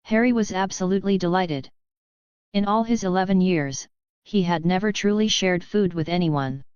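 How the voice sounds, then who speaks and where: A woman narrating a novel audiobook in a steady, even storytelling manner. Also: on the low side, moderate pace, clean tone, dry recording, muffled recording. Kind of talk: scripted narration.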